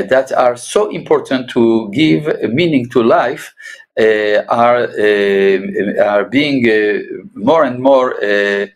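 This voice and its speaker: Halting man, a rabbi with many pauses. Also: mid-range voice. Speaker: rabbi and guest. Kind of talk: interview answers.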